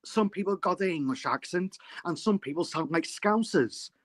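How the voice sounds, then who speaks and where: Hesitant man with a North Welsh accent, slightly high, dry close sound. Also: animated, moderate pace, a bit bright, no echo. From Wales. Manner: hesitant, many ums and restarts. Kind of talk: casual chat on a group live call.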